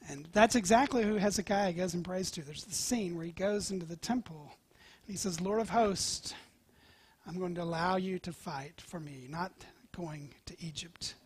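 A male pastor preaching a sermon, telling scripture stories with animated swings from loud to whispered. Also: high-pitched, normal speed, slightly rough. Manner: animated storytelling, dropping to near-whispers.

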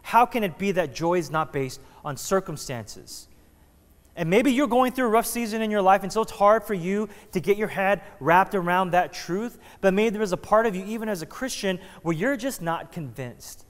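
A man's voice: sits high, expressive, normal speed. A man preaching a sermon as pastor, in a casual, joking, conversational way that keeps restarting his sentences. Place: church sanctuary. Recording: long reverb of a church hall.

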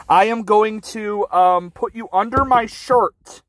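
A man's voice: high-pitched, animated, brisk, a bit bright. A man streaming live from his phone, rambling and teasing his chat in a goofy, playful way. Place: car, then home.

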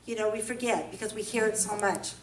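A woman from California giving a humorous, animated sermon at a women's breakfast. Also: mid-range voice, brisk, slight background noise. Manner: animated storytelling, playful then earnest. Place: church event hall. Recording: echoey hall, mic at a distance, faint ambience.

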